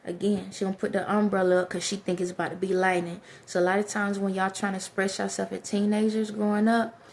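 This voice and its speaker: A woman's voice: mid-range voice, gravelly, a little mellow, a little hiss or hum. A woman talking straight to her viewers in a direct, preachy way, giving life advice. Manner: direct, preachy, addresses listeners as y'all. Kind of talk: motivational talk to camera.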